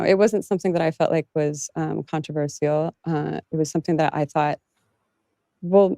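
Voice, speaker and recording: Low, gravelly woman speaking earnestly in an interview. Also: mellow, dry recording, studio quality. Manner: earnest, halting, with small laughs. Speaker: interview guest. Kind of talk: candid interview talk.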